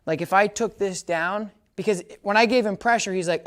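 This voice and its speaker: A man giving a hands-on dog training lesson outdoors, chatting casually as he explains and calling out high, upbeat praise commands to the dog. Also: moderate pace, fairly bright tone, smooth.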